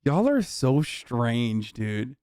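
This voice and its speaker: A man's voice: mid-range voice, big pitch swings, very slow, darkish tone, smooth, no room sound, clean studio sound. A man streaming and riffing bluntly and profanely on a cooking show he is watching. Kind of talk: casual chat.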